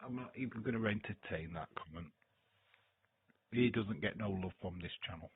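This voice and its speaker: A man's voice: fairly low pitch, normal speed, creaky, husky. A man hosting a live stream, chatting loosely with viewers, reading their comments, swearing and laughing as he goes. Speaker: live-stream host reacting to wrestling. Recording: tinny phone-like dry sound.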